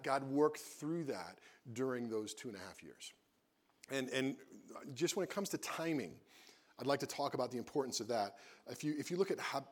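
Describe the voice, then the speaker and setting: A man sharing a mission and marriage story with his wife, in an earnest, animated way that grows lively when he quotes himself. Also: mid-range voice. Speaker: missionary co-host. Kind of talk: casual testimony talk.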